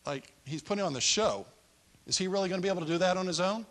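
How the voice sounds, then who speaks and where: A man's voice: high-pitched, fast, a bit bright. A man preaching a sermon in a playful, conversational way with joking asides.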